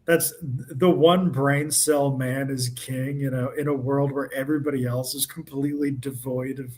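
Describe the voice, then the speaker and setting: A wry, measured man speaking at a middle pitch. He pauses and restarts as he searches for the right phrase. The overall tone is dry and conversational. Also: steady tone, a little mellow. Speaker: podcast co-host. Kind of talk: casual review chat.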